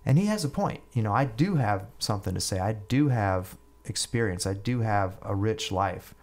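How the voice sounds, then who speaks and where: Middle-aged male podcast guest; low voice, rambling storyteller who restarts lines. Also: lively intonation, normal speed, a little mellow. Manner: rambling, repeats and restarts words. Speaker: guest musician. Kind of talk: casual storytelling.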